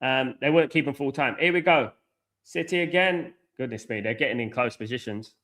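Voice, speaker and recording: A man's voice: medium pitch, brisk, fairly bright tone. A middle-aged man hosting a live football watchalong, reading out viewers' chat messages and arguing back bluntly. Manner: blunt, argumentative, reads out and scolds chat viewers. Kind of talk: live match reaction and chat banter.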